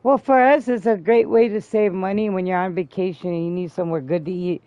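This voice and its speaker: A woman's voice: steady tone, brisk, no echo. A woman host telling a long story in casual chat, swearing freely. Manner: profane, loud and high when quoting people. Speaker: streamer host. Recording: dull lo-fi stream audio.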